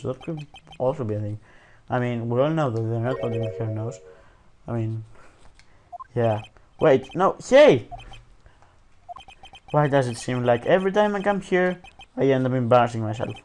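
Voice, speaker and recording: A man's voice: medium pitch, expressive, normal speed, darkish tone, a little hiss or hum. A man reading a courtroom video game's dialogue aloud, casual and self-mocking, peppering it with "dude" and "like". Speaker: let's play commentator. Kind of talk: reading game dialogue aloud with jokey asides.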